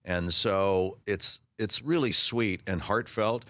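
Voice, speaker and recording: A man in his sixties from the Los Angeles area, an actor appearing as a guest, tells stories in a casual interview. His voice is low and dry, his pace slow, and the recording dry. He's an animated storyteller who acts out the voices in his anecdotes, often restarting and repeating words.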